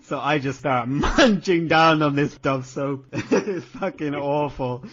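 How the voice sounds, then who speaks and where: A man's voice: fairly high pitch, takes it slowly, fairly bright tone. Young guy telling a story, swears a lot, laughs a lot, kinda muffled lo-fi audio. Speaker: podcast co-host. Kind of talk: casual chat. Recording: dull lo-fi podcast audio.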